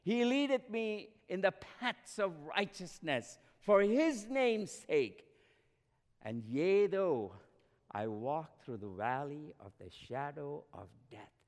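A man delivering a sermon in a high voice, building phrases in repeated runs. He swells and then drops to near whispers. His voice carries a long reverb from a church hall. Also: big pitch swings, takes it slowly. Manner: repetitive preaching cadence, swelling and dropping to near whispers. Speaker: pastor.

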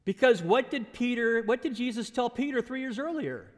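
Animated male preacher; high, lively voice in an echoey hall. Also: normal speed, hardly any pauses. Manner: animated, acts out the scripture characters, chuckles often. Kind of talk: sermon.

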